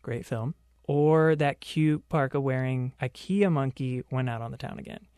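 A man's voice: medium pitch, normal speed, heavy background noise. A young man hosting a pop culture podcast on his own, delivering sarcastic commentary full of joking asides. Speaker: podcast host.

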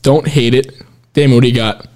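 A man's voice: mid-range voice, steady tone, brisk, darkish tone. A man hosting a casual podcast chat, rambling and restarting his sentences, laughing often as he runs the segments. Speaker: podcast host.

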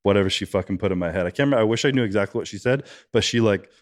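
Fast-talking deep-voiced man, casual and profane. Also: no room sound, studio quality. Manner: rambling, fillers of "like", frequent swearing. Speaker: podcast guest, bodybuilding competitor. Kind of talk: casual podcast conversation.

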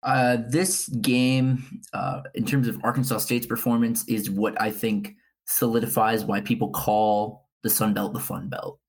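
A man co-hosts a college football talk show and gives blunt, opinionated takes on the week's games. His voice is low and gravelly, with a husky grain. He speaks in a steady, analytical way. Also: a little slow, poor audio.

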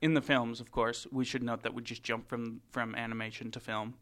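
A man's voice: mid-range voice, little pitch movement, a little fast, fairly bright tone. A man co-hosting a podcast, dryly correcting and ribbing his partner. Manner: dry, correcting, wry. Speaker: podcast co-host. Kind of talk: casual chat.

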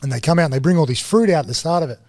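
A man, a guest casually telling stories, animated and full of slang. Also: on the high side, rapid-fire, no echo. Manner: animated, slangy, swings into excited quoting. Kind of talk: casual storytelling.

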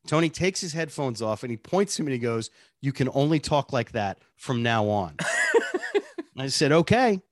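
Man, radio producer, animated storyteller, dry close mic. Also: mid-range voice, moderate pace, no echo. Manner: animated storyteller, laughs often. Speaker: radio show producer and personality. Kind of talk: casual interview chat.

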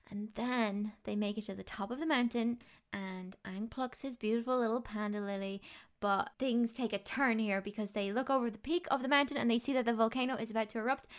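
A woman on a podcast, a guest in casual chat, retelling an episode with lively storytelling. Her voice sits a little high. She slips into the characters' lines as she goes. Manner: animated storyteller who acts out characters' lines.

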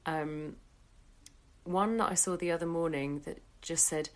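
A woman in casual podcast chat, telling stories and playfully acting out what people said. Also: low-pitched. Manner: unhurried storyteller, acts out quoted voices.

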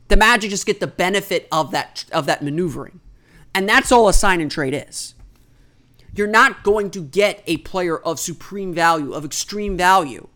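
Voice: mid-range voice, sharp tone. A basketball analyst giving solo sports commentary, explaining trade rules in an explanatory, think-aloud way and stating opinions firmly.

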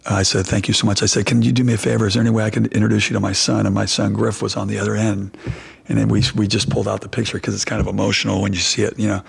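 A man's voice: on the low side, level tone, rapid-fire, gravelly, breathy edge. A middle-aged man, a basketball coach, answering press questions and telling a long story with many restarts and fillers.

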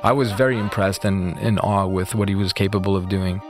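Man, low voice, interview guest, rapid animated storytelling, filler words, faint music under him. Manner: quick, animated retelling with many fillers.

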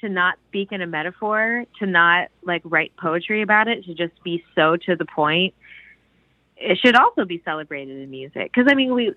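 A woman's voice: lowish voice, animated, normal speed, no echo. Enthusiastic rambling woman, lo-fi audio. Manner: enthusiastic, rambling, many fillers and restarts. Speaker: podcast co-host discussing a song. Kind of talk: casual podcast chat. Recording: dull lo-fi podcast audio.

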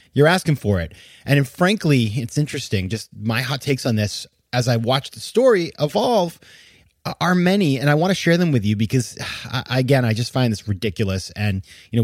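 A man's voice: medium pitch, a little mellow, no echo. Exasperated male podcast host, dry sound. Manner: exasperated, emphatic, laughs while talking. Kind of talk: casual commentary.

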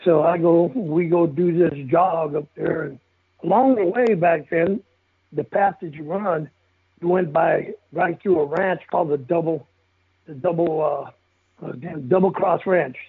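Older guy, gravelly and husky voice, kinda high, blunt and cussing, laughs a lot, sounds like a phone line. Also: unhurried. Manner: blunt, profane, chuckling often. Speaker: guest telling stories of his football days. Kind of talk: casual storytelling interview.

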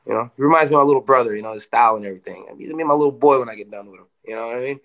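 A man, a fighter, telling stories in a casual interview, animated, full of "you know" and swearing. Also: mid-range voice, racing, few pauses, faint music behind.

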